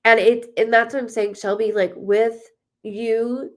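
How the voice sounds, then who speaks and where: A woman's voice: fairly high pitch, little pitch movement, a little slow. A woman medium doing a live reading, talking in an emotional, rambling way with many fillers as she relays spirit messages. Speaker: psychic medium.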